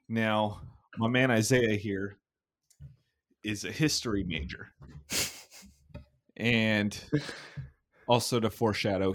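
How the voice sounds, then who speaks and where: A young man hosting a podcast, telling crude stories in casual, animated chat and swearing often. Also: lowish voice. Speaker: podcast host.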